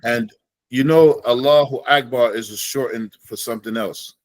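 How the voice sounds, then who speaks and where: A man teaching an Islamic studies class in a relaxed way, slowing down to demonstrate Arabic phrases. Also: medium pitch, no room sound, low-quality recording.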